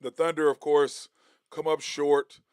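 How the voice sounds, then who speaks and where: A man's voice: on the high side, unhurried, clean tone, no echo, clean studio sound. A middle-aged man hosting a casual solo sports talk show, rambling with fillers and restarts. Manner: animated storytelling, gets heated and loud when retelling a confrontation. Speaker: sports podcast host.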